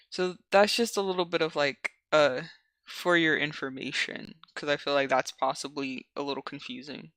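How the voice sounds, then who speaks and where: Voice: medium pitch, bright, forceful tone, no room sound, studio quality. A young adult streamer reading their own old fanfiction aloud, breaking off into rambling asides full of "like". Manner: rambling, heavy use of "like" fillers.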